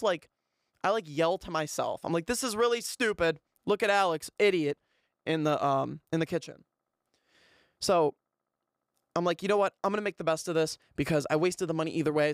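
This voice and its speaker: A young man hosting a podcast, telling a rambling, animated story in a casual way. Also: fairly high pitch, normal speed, no room sound, studio quality. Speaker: podcast host.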